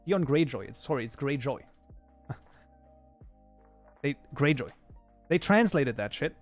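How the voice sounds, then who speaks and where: A man's voice: medium pitch, sing-song, unhurried, long pauses, no echo, soft background music. Chatty German-born male streamer. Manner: chatty, reacts to chat, mock outrage, frequent fillers. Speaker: streamer, mod programmer. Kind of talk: casual live-stream chat while coding.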